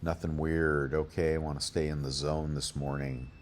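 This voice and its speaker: A man's voice: very deep voice, flat delivery, normal speed, a little hiss or hum. A man hosting a coin deals channel, rambling casually and thinking aloud as he works through prices, with the hiccups. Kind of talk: casual deal rundown.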